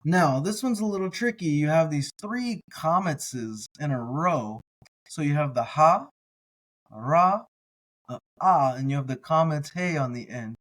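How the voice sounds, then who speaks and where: A man teaching a slow word-by-word reading lesson, sounding out each syllable carefully and adding casual asides. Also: a little high, animated, a bit bright, low-quality recording. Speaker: biblical language teacher.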